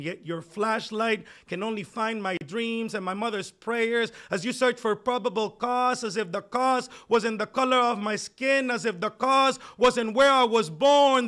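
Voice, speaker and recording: A man with a foreign accent performing spoken word poetry at a live open mic, measured at first and growing forceful. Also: very high voice. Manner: measured delivery building to forceful intensity. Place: live event at a community center.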